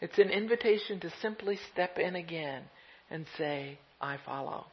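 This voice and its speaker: A pastor preaching a gentle, reflective sermon, laughing softly now and then. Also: mid-range voice, normal speed. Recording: dull lo-fi recording.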